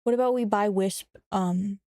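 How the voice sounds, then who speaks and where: A young woman streamer in casual live-stream chat, excitable and chatty, swearing and teasing her viewers. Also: mid-range voice, moderate pace, no echo, clean studio sound.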